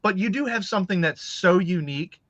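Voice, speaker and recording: A man who sells his books at conventions, telling stories as a lively, animated storyteller in casual podcast chat. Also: high voice, brisk, no echo. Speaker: author selling at conventions. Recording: dry, slightly dull audio.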